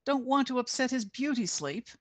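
A woman's voice: high voice, expressive, moderate pace, no room sound, pitched above the performer's own voice. A woman doing a sneering, cruel police sergeant. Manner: sneering, amused, drawn out.

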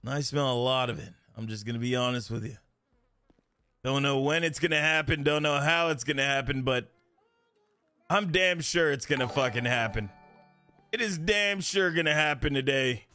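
A male game streamer chatting excitably with his viewers during a live roleplay stream, swearing freely. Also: mid-range voice, moderate pace, no room sound, faint music behind.

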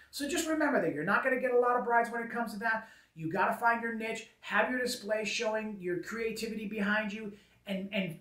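A man's voice: high-pitched, a bit bright, far from the mic. Man, wedding photographer type; emphatic casual advice, hammers points home by repeating them; roomy sound, a bit away from the mic. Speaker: wedding photographer giving business tips. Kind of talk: casual advice talk to camera.

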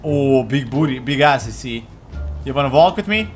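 A young man doing crude, joking commentary over a video game, getting excitable and often yelling. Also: mid-range voice, moderate pace, faint music behind. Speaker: gaming commentator.

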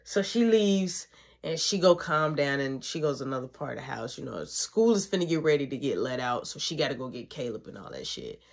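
A young woman telling a story in a casual vlog, animated and profane, acting out what people said. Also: extremely low pitch, brisk, creaky. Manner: animated, profane, acts out quotes.

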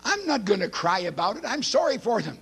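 High, lively-voiced preacher. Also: male voice, creaky, husky. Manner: emphatic, preachy, swings between loud and hushed; reads scripture aloud quickly. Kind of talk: sermon.

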